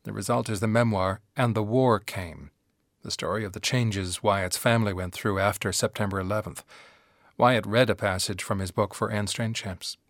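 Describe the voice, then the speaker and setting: A man delivering a scripted radio introduction in an even, composed way. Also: lowish voice, normal speed, dry recording. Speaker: radio host.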